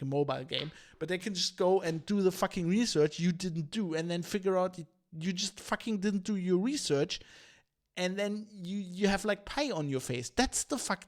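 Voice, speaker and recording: A male podcast host, ranting heatedly with lots of swearing and restarts. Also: high voice. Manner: heated, profane, fast ranting with many restarts. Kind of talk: opinionated podcast rant.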